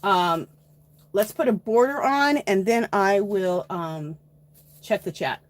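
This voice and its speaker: A woman's voice: medium pitch, slow. A woman hosting a casual live art journaling tutorial, chatting to viewers as she works. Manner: chatty, addresses viewers as "you guys".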